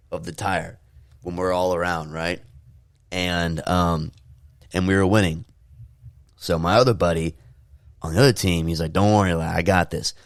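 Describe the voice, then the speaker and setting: A young man in casual podcast chat, telling animated stories and shouting the quoted lines in high voices. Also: dry recording, studio quality. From California. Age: young adult. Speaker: podcast co-host.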